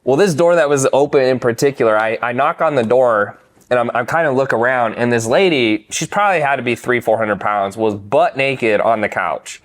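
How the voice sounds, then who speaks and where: Young man host telling animated stories. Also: medium pitch, normal speed. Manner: animated storyteller, acts out quoted voices. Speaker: podcast host. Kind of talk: casual storytelling chat.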